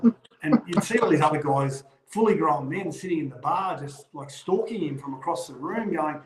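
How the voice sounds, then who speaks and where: This middle-aged Australian ex-rugby league player chats casually, telling stories with animation and mimicking the voices of those he quotes. He talks fairly quickly in a voice on the high side, captured in a reverberant space with heavy background noise.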